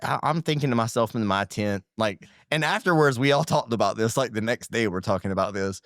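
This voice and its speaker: A man's voice: fairly low pitch, brisk, dry recording, studio quality. A man telling a story on a podcast, laughing often and acting out sounds. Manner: animated, laughs often, acts out sounds and quotes. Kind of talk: casual storytelling.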